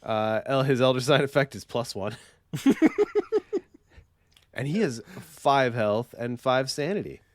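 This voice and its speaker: A man on a podcast voicing a folksy farmhand, using an exaggerated, deliberately bad Southern accent as he reads card text aloud. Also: mid-range voice, no echo, clean studio sound, close to an everyday voice. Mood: playful drawl. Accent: exaggerated bad Southern US put-on. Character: folksy male farmhand reading his own stats. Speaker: podcast co-host.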